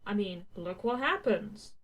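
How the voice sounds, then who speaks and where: A man's voice: high voice, animated, a little slow, fairly bright tone. A woman voicing a cocky, teasing young male hero with wings who talks in casual slang.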